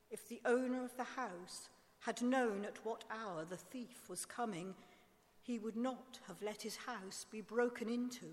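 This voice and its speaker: Slow woman reading scripture, reverberant. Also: fairly high pitch. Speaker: scripture reader. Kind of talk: liturgical Bible reading. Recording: long church reverb.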